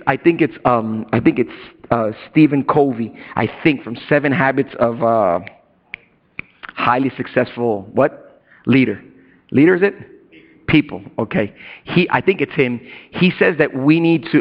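Male pastor, middle-aged, sermon, conversational, loud-to-hushed swings, muffled lo-fi sound. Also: medium pitch. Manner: casual slang and asides to the congregation. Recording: dull lo-fi recording.

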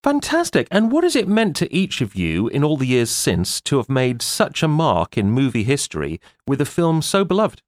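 A man's voice: medium pitch, huge pitch swings, moderate pace, hardly any pauses, no echo, clean studio sound. A man hosting a talk show in a jokey, theatrical manner, drawing out words for emphasis.

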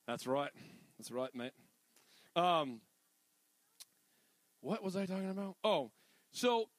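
A middle-aged man preaching a sermon in a casual, animated way, full of jokey asides. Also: high voice, dry recording. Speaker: pastor.

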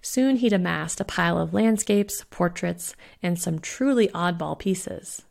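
A woman reads her own spooky short story aloud in a steady storyteller's voice. Her voice sits low with a gravelly texture, and the delivery stays even throughout. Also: a little slow. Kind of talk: scripted narration.

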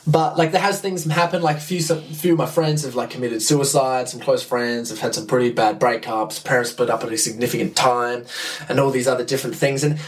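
A man's voice: medium pitch, fairly even intonation, fairly quick, recorded from a distance. A young man, talking casually and enthusiastically on his podcast, rambling and swearing as he goes. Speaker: podcast host.

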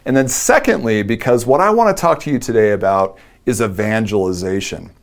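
A man's voice: on the low side, animated, brisk, gravelly. A middle-aged man giving a chatty, self-deprecating storytelling talk from a conference stage. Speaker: conference speaker. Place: conference stage before a live audience.

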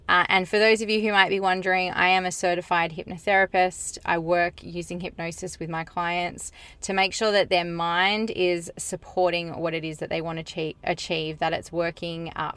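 A woman podcast host and certified hypnotherapist guiding a relaxation hypnosis with slow, soothing, repetitive cues. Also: lowish voice, a bit bright. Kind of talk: guided hypnosis.

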